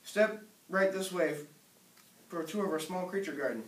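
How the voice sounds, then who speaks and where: Man doing an excited boy showman. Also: high-pitched, moderate pace, close to an everyday voice. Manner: excited, announcing. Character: eager young boy inventor, proud showman. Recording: echoey room, distant mic.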